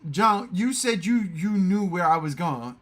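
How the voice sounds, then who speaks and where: A man's voice: sits high, expressive, a little slow. A man hosting a casual livestream chat, boastful, repeating himself and swearing freely. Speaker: livestream host.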